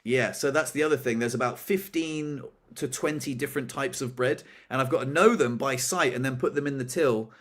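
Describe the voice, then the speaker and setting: A young man co-hosting a podcast, telling a story in a casual, animated way, pitching up when he acts out dramatic moments. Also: fairly quick. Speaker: podcast co-host.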